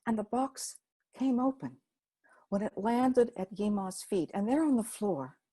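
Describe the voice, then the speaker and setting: A woman telling a folk story in an unhurried, homespun way. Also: medium pitch, expressive, dark tone, slightly rough.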